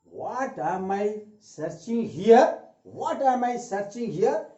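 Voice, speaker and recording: A man teaching an English grammar lesson, repeating each example sentence slowly. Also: high-pitched, expressive, mellow. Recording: echoey room, dull lo-fi sound.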